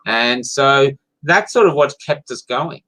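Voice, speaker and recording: A man's voice: mid-range voice, animated, measured pace, sharp tone, rough recording. Male playwright, casual storyteller, enthusiastic, mid voice. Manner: enthusiastic storyteller, rambling with restarts. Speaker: playwright and theatre maker. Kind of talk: casual chat.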